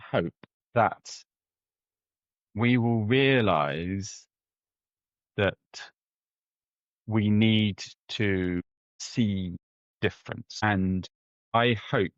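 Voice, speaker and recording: A man, a guest anthropologist, answering interview questions in a conversational, animated storytelling way with frequent restarts. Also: fairly low pitch, very slow, long pauses, no room sound, muffled recording. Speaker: head of ethnography, guest.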